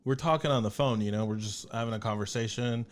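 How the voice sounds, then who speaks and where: A man hosting a casual podcast, telling a story in an animated way and swearing often. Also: mid-range voice, fast. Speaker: podcast host.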